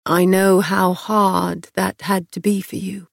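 A woman reading an audiobook, voicing a tall young man who speaks low, hushed and intimate, tender and intent. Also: level tone, slow, creaky, no echo, studio quality.

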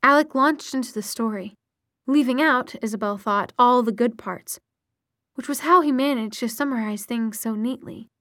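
Woman, audiobook narration, steady measured delivery, higher voice, dry close recording. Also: no room sound.

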